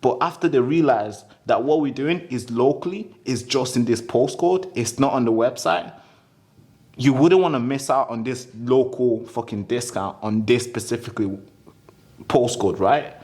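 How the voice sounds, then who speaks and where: A man's voice: mid-range voice, normal speed, darkish tone. A young man, a sales company owner, chatting casually and animatedly about door-to-door selling, swearing freely and calling the listener "bro". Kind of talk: casual podcast chat.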